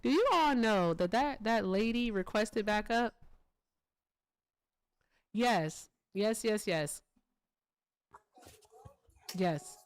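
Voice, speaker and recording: A woman hosting a commentary stream, talking to her viewers in an animated, sarcastic way. Her voice is close and dry with no room sound, and her pitch sits in the middle. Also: very slow, long pauses, clear, resonant tone, dry recording. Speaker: host. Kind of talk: political commentary livestream.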